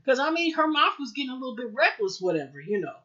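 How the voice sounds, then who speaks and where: A woman's voice: big pitch swings, fast. A woman hosting a casual TV episode review, rambling through the plot with lots of "you know" and "like.". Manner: chatty, rambling, heavy with fillers like "you know" and "like"; jumps into higher, louder voices when quoting characters. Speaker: TV show reviewer, host. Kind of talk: casual spoken episode recap. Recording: dull lo-fi audio.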